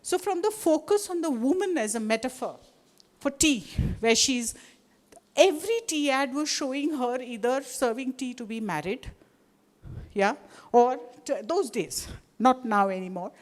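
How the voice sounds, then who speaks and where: Brief: middle-aged Indian woman, Indian English accent, slightly higher voice, rambling lecture style. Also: lively intonation, a little slow. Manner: discursive, with many restarts and asides. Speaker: guest speaker. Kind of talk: lecture to a live audience.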